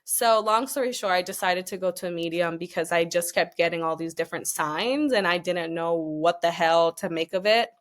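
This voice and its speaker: Young adult woman, podcast guest; chatty, expressive storyteller, slightly low register, emotional edge. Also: normal speed, few pauses. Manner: chatty and expressive, many fillers, emotional at times.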